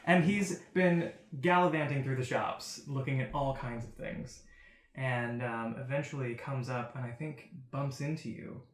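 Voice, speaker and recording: A man's voice: mid-range voice, a little slow. Laid-back man running a tabletop game. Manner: laughs often, relaxed and chatty. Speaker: dungeon master. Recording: roomy echo.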